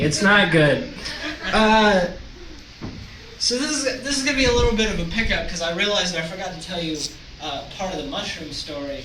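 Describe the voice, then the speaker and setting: A man's voice: high voice, expressive, normal speed, roomy sound, recorded from a distance, noisy background. A man doing a rambling, self-deprecating stand-up set in a comedy club.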